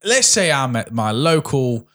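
A man's voice: mid-range voice, very animated, unhurried, a bit bright. A man talking casually and enthusiastically about a film, rambling and laughing often.

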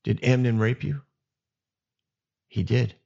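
A man hosting a podcast, retelling Bible stories in a casual, animated way and acting out the characters' lines. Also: mid-range voice, slow pace, creaky, slightly rough. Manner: animated retelling with acted asides. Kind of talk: casual storytelling. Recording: dull lo-fi sound.

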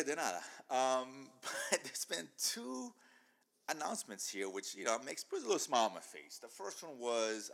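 A man hosting a casual podcast chat, excitable and animated, often talking over his co-hosts. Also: lowish voice, vocal fry. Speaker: podcast host.

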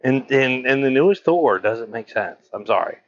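A man's voice: mid-range voice, expressive, normal speed, dull audio, slight background noise. A man co-hosting a podcast in casual chat, blunt and emphatic, swearing a lot. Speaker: podcast co-host.

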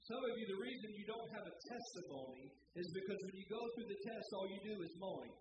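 Male preacher, very high voice, emphatic sermon delivery; distant, roomy, noisy hall recording. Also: expressive, fast. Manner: emphatic, rising to shouts and call-and-response.

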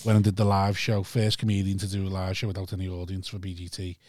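A man's voice: low-pitched, monotone, fast talker, darkish tone, no room sound, studio quality. Chatty man hosting a podcast. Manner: chatty, recounts gossip with quoted asides. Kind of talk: casual chat.

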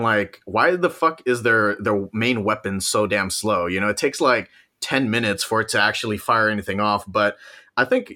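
A man's voice: lowish voice, sharp tone. A man co-hosting a casual movie podcast, rambling through the plot, laughing often and swearing casually. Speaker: podcast co-host. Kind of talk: casual movie-review chat.

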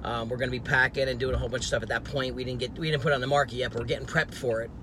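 A man's voice: medium pitch, racing, slight background noise. A podcast host and sales coach from New Jersey, a man telling a story in casual talk, acting out the other person's lines and laughing as he goes. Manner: animated, acts out quoted voices with laughs.

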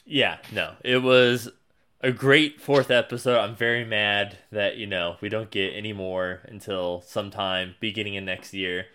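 A man co-hosting a casual podcast, recapping at ease and going loud and high when he quotes characters. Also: fairly even intonation, a little slow, clean tone. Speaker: podcast co-host. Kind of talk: casual chat.

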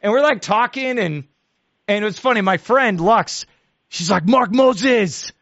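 A man's voice: sits high, moderate pace, creaky, dry recording, highs cut off. A man hosting a radio show, telling travel stories in casual chat and laughing often. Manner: animated storyteller, laughs often.

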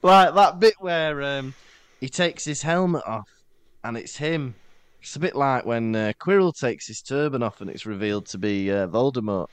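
A man's voice: mid-range voice, normal speed, clear, resonant tone, no echo. A Welsh man co-hosting a podcast, chatting casually and telling jokey stories. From Wales. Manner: joking, animated storytelling. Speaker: podcast co-host. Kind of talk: casual chat.

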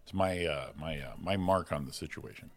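A man co-hosting a morning show, wisecracking and dropping into quick impressions. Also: very deep voice, no echo. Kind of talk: casual joking banter. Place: studio, on video.

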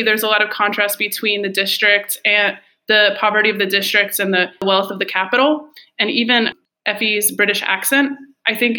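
A woman's voice: mid-range voice, pushed and bright. A young woman co-hosting a podcast, reading prepared analysis of a film with casual fillers. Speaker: podcast co-host.

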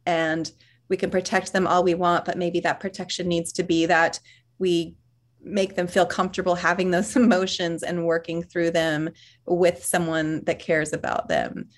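Earnest, reflective woman guest. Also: lowish voice. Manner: earnest, reflective, laughs softly between thoughts. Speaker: author and parent guest. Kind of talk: conversational interview.

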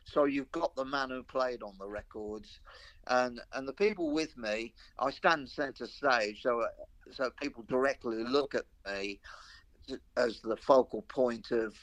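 A man's voice: medium pitch, measured pace, fairly bright tone. An older man with a Black Country accent, a veteran rock guitarist chatting as an interview guest, rambling through anecdotes with self-mocking humour. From Black Country, English Midlands. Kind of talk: casual interview chat.

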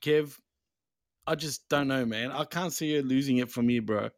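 A man's voice: medium pitch, normal speed, no room sound, studio quality. A man co-hosting a casual wrestling podcast, swearing bluntly and joking. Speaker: podcast co-host.

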